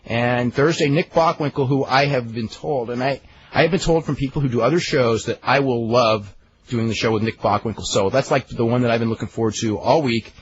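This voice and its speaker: A man's voice: mid-range voice, brisk. A man hosting a talk radio show, chatting casually and telling rambling stories with chuckles. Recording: dull lo-fi archive radio with faint hiss.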